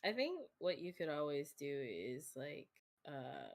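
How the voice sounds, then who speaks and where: A woman chatting casually while drawing on a stream, speaking softly because she is sick, with an occasional cough and frequent giggles. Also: low-pitched, very animated, measured pace, vocal fry. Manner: soft-spoken, giggly. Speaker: guest streamer.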